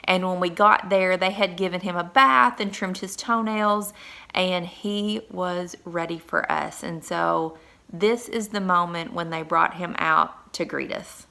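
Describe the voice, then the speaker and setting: A woman's voice: lowish voice, measured pace, vocal fry, bright, forceful tone. A woman vlogger and mother telling viewers a heartfelt story in a casual, earnest way. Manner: earnest and emotional, addresses viewers directly.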